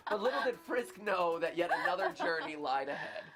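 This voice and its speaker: A man's voice: fairly high pitch, animated, a little fast, close to an everyday voice. A man reading a game's opening story as a theatrical narrator in a put-on British accent. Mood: grandly narrating. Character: grand storybook narrator, male adult. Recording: game stream with music behind.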